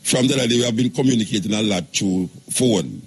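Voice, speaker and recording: A man's voice: fairly low pitch, a little fast, breathy edge. An older man with a Jamaican accent, talking on live radio in a rambling, emphatic patois.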